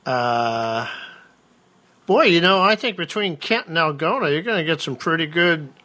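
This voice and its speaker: A man's voice: a little high, expressive, normal speed, sharp tone. A man co-hosting a casual chat, reading out event listings with playful, joking asides. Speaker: co-host.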